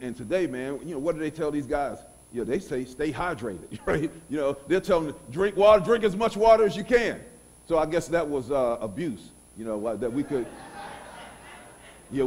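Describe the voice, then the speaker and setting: A middle-aged man preaching a sermon in a church, moving from soft passages to loud outbursts. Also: fairly high pitch. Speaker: pastor.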